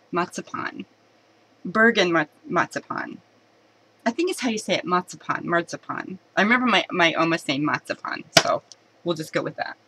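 A woman chatting excitedly to camera while unboxing a box of candy at home, giggling and restarting her sentences. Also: mid-range voice, noisy background. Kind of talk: casual unboxing chat to camera.

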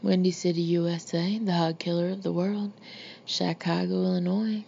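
A woman voicing a brash, blunt middle-aged male Marine colonel who talks gruffly and mockingly, in a muffled lo-fi recording. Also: on the low side, level tone, normal speed, dark tone. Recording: muffled lo-fi recording with faint hiss.

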